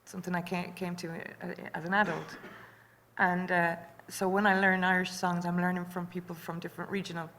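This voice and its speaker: A woman on a panel speaking in a reflective, measured way. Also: lowish voice, little pitch movement, fairly bright tone, slight background noise. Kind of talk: panel discussion.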